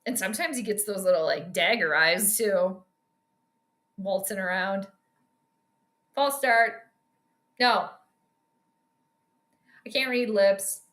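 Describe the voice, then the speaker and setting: A woman's voice: medium pitch, slow pace, long pauses, fairly bright tone, reverberant. A woman hosting a sports live stream, chatting casually and joking with a co-viewer as she comments on the game.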